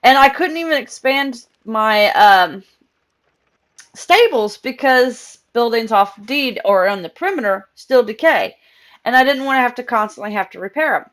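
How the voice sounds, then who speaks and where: A young woman with a high voice talks casually to her live stream audience while she plays. She rambles, restarts her sentences and breaks into laughter often. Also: lively intonation, moderate pace, fairly bright tone.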